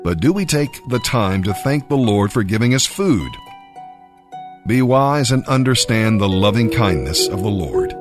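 A man preaching and reading scripture aloud, with expressive pacing that lingers on key phrases. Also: fairly low pitch, unhurried, over music.

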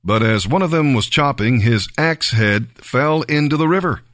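A man reading scripture aloud in a slow, deliberate, measured way. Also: medium pitch, animated, a bit bright, no room sound, studio quality. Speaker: Bible reader.

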